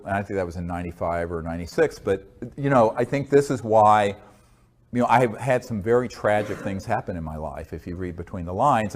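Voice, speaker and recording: An American man with a low voice, answering interview questions in an earnest, measured way. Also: a little mellow, a little hiss or hum. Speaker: interview guest.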